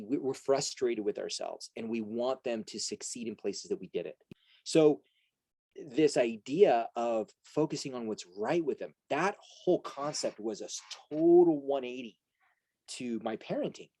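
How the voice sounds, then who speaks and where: Middle-aged male coach, earnest talk full of rhetorical "right?" asides, mellow tone, dry close sound. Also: mid-range voice, moderate pace, no echo, poor audio. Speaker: strengths coach and host. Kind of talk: motivational talk to an audience.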